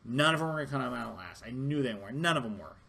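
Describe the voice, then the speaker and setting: A man's voice: medium pitch, expressive, quick pace, vocal fry, sharp tone, breathy edge. Heated, profane man ranting. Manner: heated, profane, rambling with restarts. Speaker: wrestling reviewer. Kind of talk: casual rant review.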